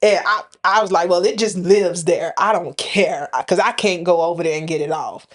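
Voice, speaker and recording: A woman's voice: lowish voice, normal speed. A woman co-hosting a podcast, telling a story in a casual, dramatic way. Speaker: podcast co-host.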